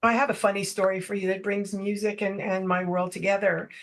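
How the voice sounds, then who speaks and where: A middle-aged woman speaks at an ordinary, mid-range pitch as she tells personal stories to a podcast host. Her delivery is casual and animated, like someone recounting a favorite anecdote. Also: a little fast. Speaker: podcast guest. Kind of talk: casual storytelling.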